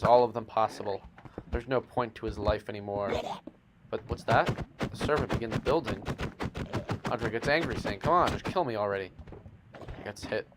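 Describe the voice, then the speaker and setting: A man narrating gameplay in a playful, mock-dramatic way, with teasing asides to the audience. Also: fairly low pitch. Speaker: narrator of a game series. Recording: noisy home mic with clicks.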